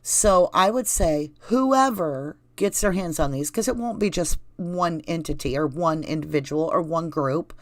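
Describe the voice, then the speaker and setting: A woman's voice: on the low side, no echo. Chatty Southern woman hosting a livestream. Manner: rambling, conversational, addresses viewers directly. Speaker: channel host reading live chat. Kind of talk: casual livestream chat.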